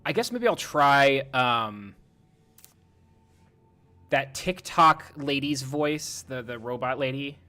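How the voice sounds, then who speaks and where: A man's voice: medium pitch, unhurried, sharp tone, soft background music. A man chatting loosely on a livestream while playing a game, rambling with lots of fillers and some swearing. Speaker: streamer. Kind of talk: casual livestream chat.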